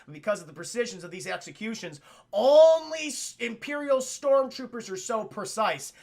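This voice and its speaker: A young man streaming, retelling a film to his chat in a loose, animated way and swearing often. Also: high voice, normal speed, gravelly. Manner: animated, profane, addresses chat. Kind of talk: casual livestream movie retelling.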